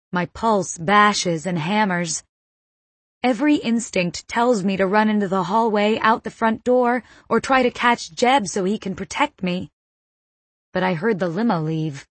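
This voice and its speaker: A woman reading a first-person novel as an audiobook narrator, in a measured, suspenseful manner on a close mic. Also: mid-range voice, dry recording.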